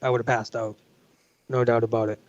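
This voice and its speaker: A man's voice: medium pitch, little pitch movement, brisk, dry recording. A man on a casual livestream telling a rambling story, swearing often and saying bro and dude. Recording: dry, dull lo-fi mic.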